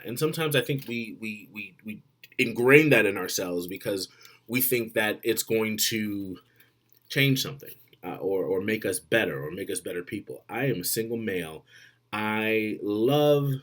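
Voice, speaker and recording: A man giving blunt, profane relationship advice straight to the camera, swinging between loud and quiet. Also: fairly low pitch. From Florida. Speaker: vlogger.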